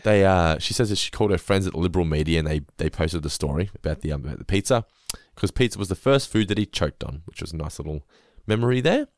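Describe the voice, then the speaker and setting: A man hosting a podcast and recapping an episode in a casual, jokey way. His voice sits low but bounces around a lot. The sound is dry and close. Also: fast talker, hardly any pauses, no echo. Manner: lively, jokey, swears casually. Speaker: podcast host.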